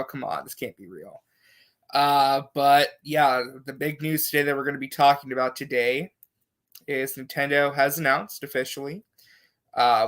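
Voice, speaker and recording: A man's voice: medium pitch, a bit bright. A man hosting a live stream, talking casually and reading a news announcement aloud. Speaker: host.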